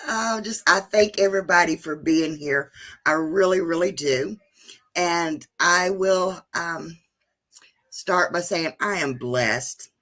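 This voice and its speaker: A woman's voice: lowish voice, slow, a bit bright. A woman hosting a casual livestream, chatting to viewers, reading names from the chat and laughing often. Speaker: channel host reading live chat.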